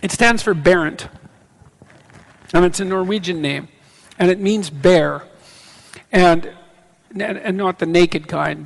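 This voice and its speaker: A middle-aged Canadian man speaking at a live question session in a large hall, halting and restarting often, quick to laugh. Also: sits high, vocal fry. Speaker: lecturer answering audience questions. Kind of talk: live on-stage Q&A. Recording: reverberant hall on stage.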